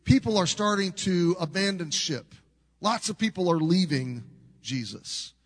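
A man's voice: high voice, animated, unhurried. A middle-aged man preaching a sermon as a pastor, telling a story in an earnest, conversational way with frequent restarts. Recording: long reverb of a large hall.

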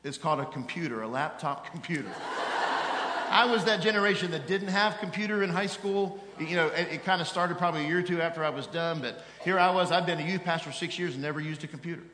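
A middle-aged man preaching as an evangelist, telling a story in an animated, self-mocking way that swings from loud exasperation to hushed tones. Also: a little high, fast talker, background noise. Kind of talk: sermon storytelling. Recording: echoey hall with long reverb.

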